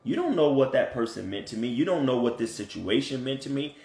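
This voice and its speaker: A man coaching couples in casual talk, earnest and animated, often checking in with "right?". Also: medium pitch, a little fast. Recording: echoey room.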